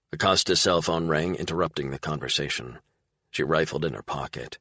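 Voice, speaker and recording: A man narrating a crime thriller audiobook in a measured, dramatic reading. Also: a bass voice, sharp tone, breathy edge, no room sound, studio quality. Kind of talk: scripted narration.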